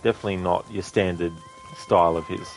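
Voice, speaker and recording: A man's voice: low voice, steady tone, fast, a little hiss or hum. A man streaming a video game, answering chat in a chatty, rambling way with fillers. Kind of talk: casual gaming commentary.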